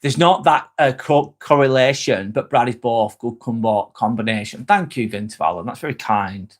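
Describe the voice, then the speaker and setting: A man speaks at a moderate pace in a medium-pitched voice as he runs a casual live stream. Chatty and freely profane, he reads viewer comments aloud and responds to people by name, swearing often.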